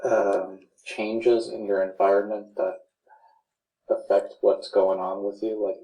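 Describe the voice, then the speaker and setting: A man's voice: on the low side, little pitch movement, slow, mellow, echoey room, low-quality recording. A man, a student in class, asking a tentative, hesitant question.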